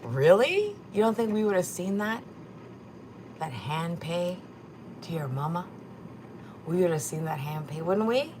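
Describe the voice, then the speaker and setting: A woman's voice: on the low side, sing-song, unhurried, long pauses, noisy background. A woman hosting a livestream, chatting casually and gossiping about clips, swearing now and then. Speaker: livestream host.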